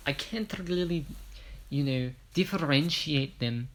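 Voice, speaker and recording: A man's voice: fairly high pitch, slow pace, fairly bright tone, slight background noise. A man from Ireland casually retelling a fan story, rambling with self-corrections and jokey asides.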